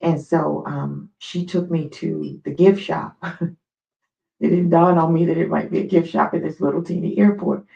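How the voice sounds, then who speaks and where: American woman, stream host, chatty anecdotal storyteller, gravelly, muffled lo-fi audio. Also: sits low, normal speed. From United States. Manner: chatty, digressive, animated storyteller. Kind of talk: casual storytelling on a live stream.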